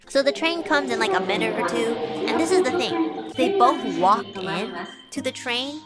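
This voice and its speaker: A young woman streamer telling a story to her viewers in a rambling, animated way, full of fillers. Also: sits high, moderate pace, music in the background.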